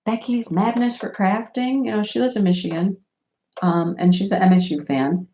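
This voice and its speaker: A woman vlogger telling stories in a casual chat, animated and often laughing. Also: medium pitch, normal speed.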